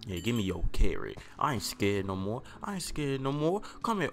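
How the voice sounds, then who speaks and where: Excitable, swearing young gamer man. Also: sits low, a little fast. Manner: excitable, profane, yelps and repeats himself in panic. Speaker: gaming YouTuber. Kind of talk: Minecraft let's-play commentary. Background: background music.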